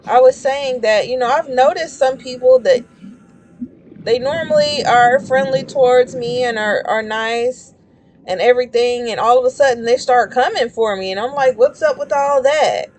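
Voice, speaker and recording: A woman's voice: sits high, normal speed, a little mellow, a little hiss or hum. A woman chatting casually while streaming a game, rambling and shrieking when startled. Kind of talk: casual gameplay commentary.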